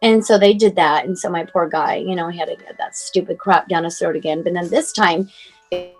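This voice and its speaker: A woman in her forties on a video call, telling a hard family story in a halting, emotional way with many fillers and moments close to tears. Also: on the low side, faint music behind, rough recording. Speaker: mother telling her son's story as guest. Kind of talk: personal storytelling, casual and unscripted.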